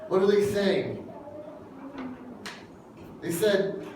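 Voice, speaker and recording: A man delivering a sermon in a relaxed, talky way, pressing his points with questions to the room. His voice sits high for a man and rings through a large church hall. He is well off the mic, with a faint hiss underneath. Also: drawn-out words, recorded from a distance. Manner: conversational, emphatic, asks the congregation questions. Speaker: preacher.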